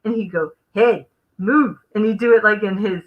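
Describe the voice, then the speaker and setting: Fast and fairly even in intonation, a medium-pitched woman runs a live crafting stream, chatting casually and musing aloud as she works before trailing off. The audio is narrow and tinny.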